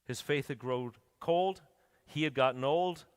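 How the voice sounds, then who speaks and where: Unhurried and smooth in a mid-range voice, a male pastor tells a story during a sermon and works up to urgent, emphatic appeals. The church sanctuary lends the recording a hall reverb.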